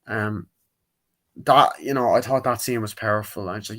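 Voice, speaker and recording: A man with a lowish, fairly bright voice reviews a movie at a normal speed in a casual, rambling way. He retells scenes and performs quotes from them in put-on voices.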